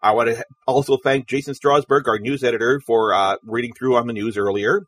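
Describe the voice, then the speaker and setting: A man's voice: medium pitch, steady tone, brisk, fairly bright tone, a little hiss or hum. A man hosting a webcomics news podcast, making dry, sarcastic asides. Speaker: podcast host.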